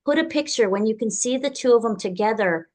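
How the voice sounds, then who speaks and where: A woman's voice: on the high side, animated, a little fast, a little mellow. A woman hosting a podcast, giving a guest direct, practical advice in a firm, encouraging way. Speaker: podcast host. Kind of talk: advice in conversation.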